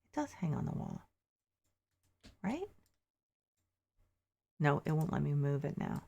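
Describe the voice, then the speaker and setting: A woman streamer with a low, gravelly voice chats casually with her viewers as she plays. She thinks aloud and drops mildly exasperated asides. She sounds a little sleepy. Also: very animated, a little slow, dark tone, lo-fi sound. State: sleepy, yawning. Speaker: game streamer. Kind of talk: casual gameplay commentary.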